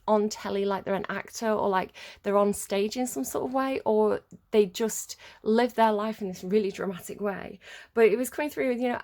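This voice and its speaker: This is a young woman, talking through a casual tarot reading. Her voice sits slightly high. She meanders and chats in a relaxed way, filling the gaps with plenty of ums and likes. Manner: rambling and chatty, many filler words. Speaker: tarot reader.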